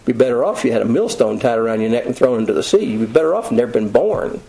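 A man preaching a sermon in a conversational, folksy way, telling stories with quick asides. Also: mid-range voice, sing-song, vocal fry, warm tone, poor audio.

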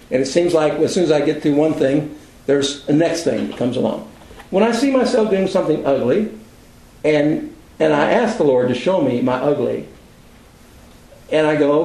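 An older man gives a conversational sermon to a class, telling self-deprecating stories in a folksy way. His voice sits high, and the room echoes around him. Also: lively intonation, normal speed, a little mellow. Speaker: Bible class teacher.

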